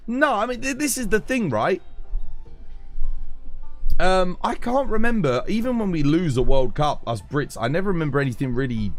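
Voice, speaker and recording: A man's voice: high-pitched, sing-song, normal speed, soft background music. A man from England with a London accent, chatting casually with viewers on a game stream in an emphatic, rambling way, often restarting his sentences. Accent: London English.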